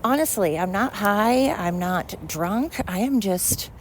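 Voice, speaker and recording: A woman's voice: medium pitch, lively intonation, slow, slight background noise. A woman hosting a rambling solo podcast while walking outdoors, out of breath and talking in a scattered, chatty, self-deprecating way. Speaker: podcast host. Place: outdoors on a night walk by a road.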